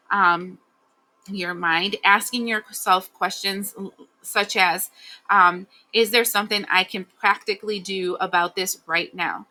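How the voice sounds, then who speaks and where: A woman with a bright, forceful voice talks through a weekly astrology forecast in a casual, rambling way. She fills her sentences with fillers and asides as she goes. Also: medium pitch, low-quality recording. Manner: rambling, loose, full of fillers.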